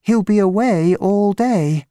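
A man reading an audiobook, voicing a polite young woman with a raised, softer voice. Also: high-pitched, slow pace, dry recording, clean studio sound, voice pushed up.

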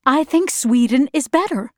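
A woman's voice: sits high, expressive, normal speed, darkish tone, dry recording, studio quality, pitched above the performer's own voice. A woman voicing an earnest, loving mother in an audiobook reading. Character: worried but loving mother. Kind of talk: audiobook narration.

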